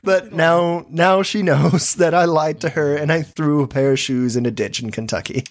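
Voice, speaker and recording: A man co-hosting a podcast, telling a story casually, giggly and animated. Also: a little high, moderate pace. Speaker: podcast co-host.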